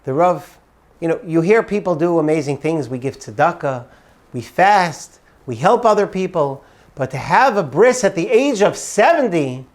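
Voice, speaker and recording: High-voiced man telling an inspirational story. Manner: earnest, expressive, moralizing. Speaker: religious storyteller.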